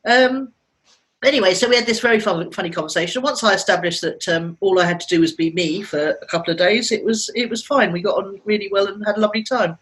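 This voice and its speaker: A woman's voice: mid-range voice, fast, rough recording. Podcast co-host, woman in her fifties, chatty storyteller who laughs easily. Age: 50s. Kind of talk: casual chat.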